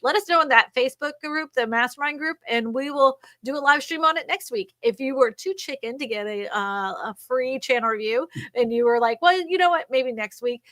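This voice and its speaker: A woman co-hosting a live stream, coaching real estate agents on YouTube in an energetic, encouraging way. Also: sits high, brisk, hardly any pauses, no room sound. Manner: energetic, encouraging, laughs often.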